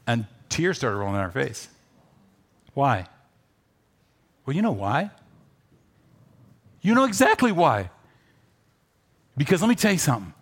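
Man pastor, middle-pitched voice, animated preaching that swings between loud and soft. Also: normal speed, long pauses. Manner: animated storytelling, shifts between loud urging and soft asides. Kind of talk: sermon.

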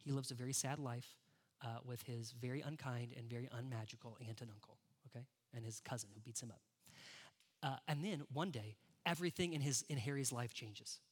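A man's voice: mid-range voice, fairly quick, slightly rough. A man preaching a sermon in a church, who talks conversationally and turns straight to the congregation with questions. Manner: conversational, addresses the congregation directly. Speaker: pastor.

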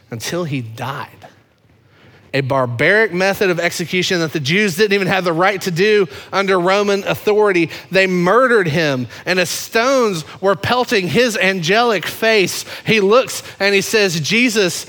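A man preaching a sermon as pastor, impassioned, swinging from loud emphasis to hushed, low moments. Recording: long hall reverb.

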